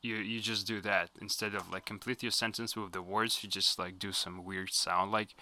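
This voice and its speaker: A man with a Russian accent speaking English as a second language, animated and swearing casually in chat. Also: on the low side, normal speed, noisy background.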